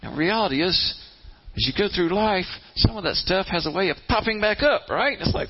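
A man delivers a conversational sermon in a fairly high voice, plain-spoken and full of restarts. He slips into the voices of the people he describes. The recording sounds dull and lo-fi. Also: expressive, fairly quick, husky. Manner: plain-spoken, repeats words, acts out inner voices. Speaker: pastor. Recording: slightly muffled, lo-fi.

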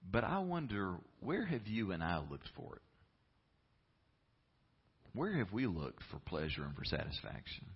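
A man's voice: low voice, very animated, unhurried, pauses often, slightly rough, dull audio. A man preaching a sermon as pastor, telling a story and building to passionate emphasis.

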